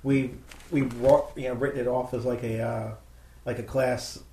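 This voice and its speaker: A man's voice: mid-range voice, flat delivery, moderate pace, warm tone. Easygoing male host in a roomy space. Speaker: podcast host. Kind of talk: casual chat. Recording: roomy with faint background noise.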